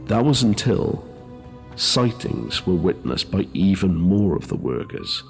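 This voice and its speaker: A man narrating a scripted ghost story in a measured way, with dry asides. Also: sits low, big pitch swings, gravelly, faint music behind. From Wales. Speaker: host and narrator.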